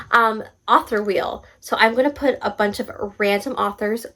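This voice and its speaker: A young woman hosting a casual book vlog, bubbly and excitable, often laughing at herself. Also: a little high, normal speed, poor audio. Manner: bubbly, excitable, self-mocking. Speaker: booktube host.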